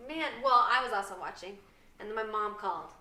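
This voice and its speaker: A woman chatting casually on a podcast, reacting with quick exclamations and questions. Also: mid-range voice, lively intonation, bright, forceful tone. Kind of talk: casual chat. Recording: echoey room with crowd noise.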